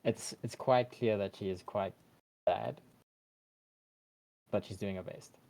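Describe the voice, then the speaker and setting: A man narrating his character's actions in a tabletop role-play game, soft-spoken and halting. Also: on the low side, vocal fry, rough recording. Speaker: player. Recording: remote call audio.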